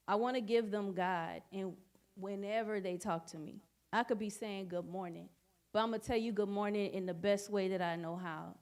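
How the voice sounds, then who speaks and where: Earnest woman talking at bible study, keeps repeating herself to drive it home. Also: mid-range voice. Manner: earnest, repeats phrases for emphasis. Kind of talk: personal testimony talk.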